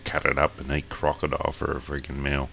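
An Australian man with an extremely low voice and a gravelly, creaky edge, co-hosting in loose casual chat. He jokes around and swears freely, heard through a remote call mic. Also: completely flat delivery, quick pace, bright, forceful tone, slight background noise. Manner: joking, loose and profane. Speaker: podcast co-host.

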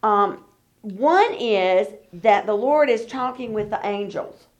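Her medium-pitched voice moves slowly as she leads a Bible study, first reading the scripture and then talking it through casually. Whenever someone is quoted, she performs them in an animated voice.

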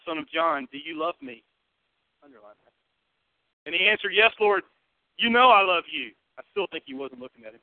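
A man preaching a sermon in a conversational way. He asks the congregation questions and swings between loud, emphatic bursts and hushed asides. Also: high voice, gravelly, no echo, phone-quality sound. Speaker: pastor.

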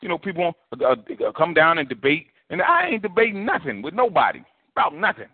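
A man's voice: sits high, fast, breathy edge. A man preaching a sermon as pastor, colloquial and preachy. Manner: preachy, colloquial, animated with put-on voices. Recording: tinny phone-like broadcast audio.

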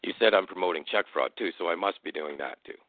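A man telling a personal story as a guest and then arguing back at a caller, deliberate and confrontational. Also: low-pitched, expressive, no echo. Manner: deliberate, confrontational when challenged. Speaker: guest speaker. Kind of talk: casual storytelling and argument. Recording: tinny phone-line audio.

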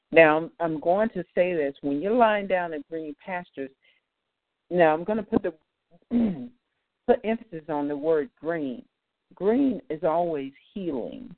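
The host of an online community call gives an informal spiritual talk on scripture, halting often with fillers and restarts. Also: mid-range voice, gravelly, dry recording. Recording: tinny phone-line sound, dry.

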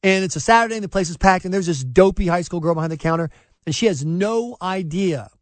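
A man hosting a talk radio show, telling stories in an animated, sarcastic way and mocking people in put-on voices. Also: sits high, fast, no room sound.

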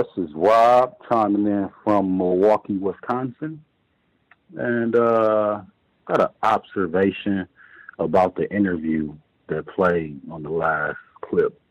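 A man calling in to a radio show, speaking in a hesitant, measured way with many pauses. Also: low voice, darkish tone, dry recording, lo-fi sound. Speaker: caller. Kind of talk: call-in radio commentary.

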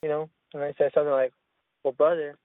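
A man's voice: fairly high pitch, little pitch movement, quick pace, no room sound. A man telling a rambling story in casual chat, with lots of profanity and restarts. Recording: tinny phone-line sound.

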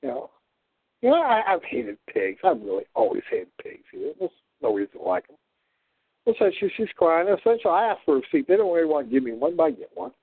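A man's voice: on the high side, big pitch swings, fast talker, husky, dry recording. Rambling man on a thin phone line. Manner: rambling, with many fillers and restarts. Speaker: show host. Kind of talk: rambling monologue.

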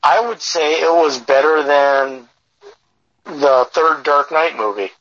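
A man's voice: on the high side, takes it slowly, a bit bright, a little hiss or hum. Crude joking man on a dull, lo-fi line. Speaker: podcast co-host. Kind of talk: casual chat. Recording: dull lo-fi sound.

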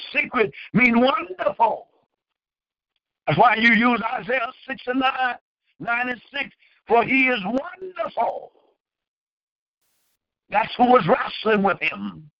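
A man's voice: very high-pitched, no room sound, muffled recording. A man preaching and praying as pastor, with fervent pleading questions. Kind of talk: sermon and prayer.

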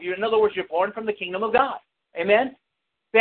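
A man's voice: sits high, fast. A man preaching a sermon, calling out to the congregation for responses and telling a story from his childhood. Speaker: pastor. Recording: tinny lo-fi with hiss.

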